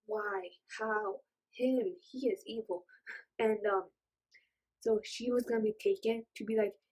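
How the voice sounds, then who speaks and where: A young woman excitedly reviewing a fantasy novel on her book channel, rambling and gushing with lots of fillers. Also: mid-range voice, low-quality recording. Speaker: book vlogger.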